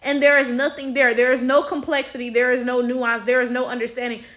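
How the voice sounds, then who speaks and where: She talks a little fast in a high-pitched, slightly bright voice that stays level in tone. A vlogger from the United States with an African American English accent, she offers blunt, exasperated opinion commentary full of swearing.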